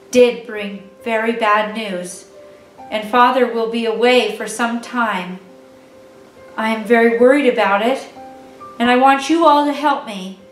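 A woman voicing a gentle, worried mother in a read-aloud storybook, soft and tender. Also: on the high side. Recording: echoey room, distant mic, faint music.

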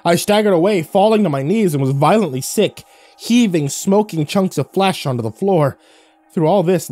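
Guy narrating a creepy story, slow and dramatic, dark mellow voice, soft music in back. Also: a little high. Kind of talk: scripted horror narration.

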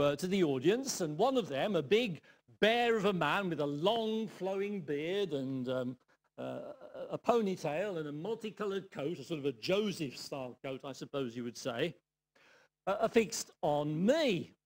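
An older man from England giving a sermon, telling a personal story in a reflective way with dry humour and soft asides. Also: fairly high pitch, animated, a little slow. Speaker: guest preacher.

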